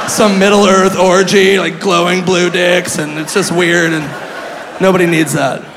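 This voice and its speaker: Male stand-up comic, high voice, gravelly, brash, live hall with crowd and background noise. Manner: brash, laughing at his own jokes. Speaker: stand-up comedian. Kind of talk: stand-up storytelling. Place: comedy club stage.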